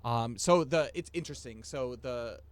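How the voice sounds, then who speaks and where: A man as game master, narrating a tabletop game and explaining the rules in a halting, thinking-aloud way. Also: mid-range voice, no echo.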